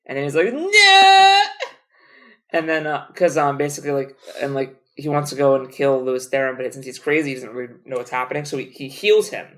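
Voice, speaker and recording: A young man talks casually on a podcast, piling up restarts and fillers as he retells a plot. He jokes and swears freely, and his tone stays animated and playful. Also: medium pitch, fast talker, few pauses. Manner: rambling, animated, joking, swears. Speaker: podcast co-host. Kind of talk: casual chat.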